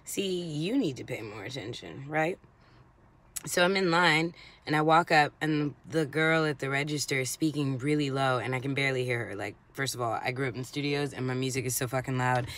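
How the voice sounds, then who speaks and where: A woman vlogger telling a casual story in a conversational, animated way, swearing freely. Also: rumbling low, brisk.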